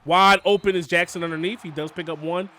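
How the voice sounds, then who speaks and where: A young man giving casual, excitable play-by-play commentary on his football video game, often calling out to "boys" and "man". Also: high voice, fairly quick. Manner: excitable, hypes big plays, keeps saying "boys" and "man". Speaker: gaming YouTuber.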